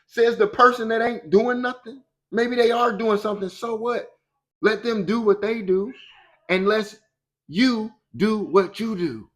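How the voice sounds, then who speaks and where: A man speaking as a motivational speaker in a colloquial, preachy way, acting out the voices he quotes. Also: fairly high pitch. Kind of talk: motivational talk.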